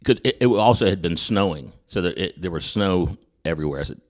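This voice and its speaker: Deep-voiced male host, chatty storyteller, stumbles and restarts, acts out dialogue. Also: brisk. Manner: animated anecdote telling with many restarts. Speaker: podcast host. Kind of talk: casual storytelling chat.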